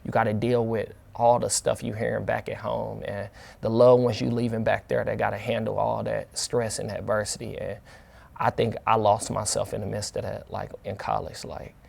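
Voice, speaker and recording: Low, gravelly young man talking casually. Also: moderate pace. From St. Louis area, USA. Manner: relaxed, colloquial, with many fillers and restarts. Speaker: interview guest, football player. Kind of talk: casual interview talk.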